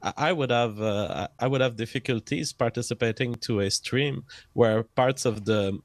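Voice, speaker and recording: A man talking as a podcast guest in a measured way with dry humor. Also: mid-range voice, no echo. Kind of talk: casual chat.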